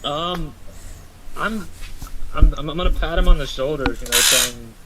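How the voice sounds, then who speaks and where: A man's voice: on the high side, a little slow, bright, forceful tone, slight background noise, poor audio. A man playing in a tabletop role-playing game, talking hesitantly with repeated words. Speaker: player. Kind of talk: casual tabletop game talk.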